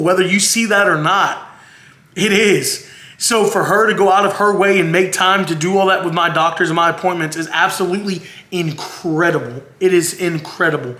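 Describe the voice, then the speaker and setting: A man with a high, bright voice, talking in an earnest and emotional way, close to tears as he rambles on. His voice carries a roomy echo. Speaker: vlogger, husband. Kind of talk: heartfelt to-camera monologue.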